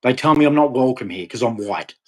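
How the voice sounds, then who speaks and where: A man delivering an impassioned, ranting monologue to camera, with sudden loud, emphatic rises. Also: mid-range voice, expressive, a little fast. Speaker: vlogger.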